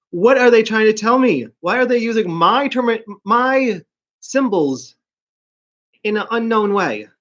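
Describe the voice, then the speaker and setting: A man's voice: sits high, a bit bright. A man talking in a casual rambling vlog, a college student ranting about his day in a profane, self-mocking way. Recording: slightly muffled lo-fi audio.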